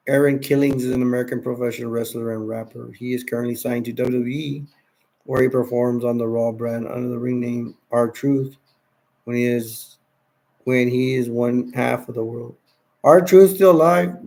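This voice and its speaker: A man's voice: medium pitch, steady tone, normal speed, darkish tone. A tired man hosting a late-night livestream, rambling casually and reading chat messages and wiki text aloud. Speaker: livestream host.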